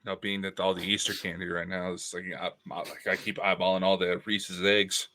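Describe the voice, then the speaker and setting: A man's voice: low voice, level tone, a little fast, bright, forceful tone, slight background noise. A man co-hosting a casual chat show, easygoing and chuckling. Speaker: podcast co-host.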